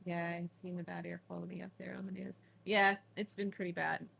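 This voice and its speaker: A woman's voice: fairly low pitch, flat delivery, brisk, vocal fry, a bit bright, a little hiss or hum. A woman streaming a game from home, chatty and laughing often, her throat sore from smoke allergies. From Canada. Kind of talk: casual let's play chat.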